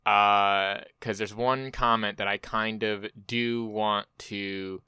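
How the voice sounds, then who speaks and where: Man, casual reaction commentary, bright voice, smooth and dry sound, sarcastic and profane. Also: lowish voice, fairly even intonation, takes it slowly, no room sound. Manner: loose, profane, sarcastic asides. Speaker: video commentator.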